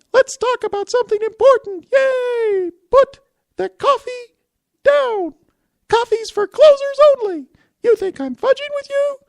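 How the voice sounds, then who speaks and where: A man doing a squeaky, panicky little clay man's voice for a comic reading. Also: vocal fry, no room sound, full character voice. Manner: shrill, frantic, shrieking.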